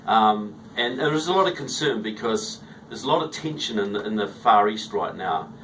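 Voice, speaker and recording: A man's voice: on the low side, lively intonation, normal speed, fairly bright tone. New Zealand man, chatty and distant. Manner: chatty, starts answers with "look" and "you know". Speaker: guest author. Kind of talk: radio interview. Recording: distant mic, faint background noise.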